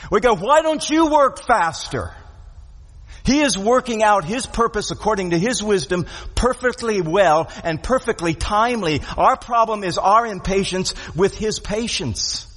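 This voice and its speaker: A man's voice: high voice, fairly bright tone. A man preaching a sermon, earnest and repetitive, asking rhetorical questions and pressing each point home. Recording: long hall reverb.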